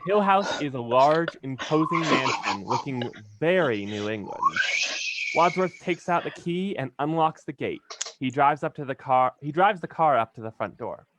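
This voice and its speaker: A man's voice: fairly high pitch, expressive, normal speed, background noise. A man reading stage directions aloud in a plain, straightforward way, sometimes stumbling over a word. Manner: plain, occasionally stumbling and laughing.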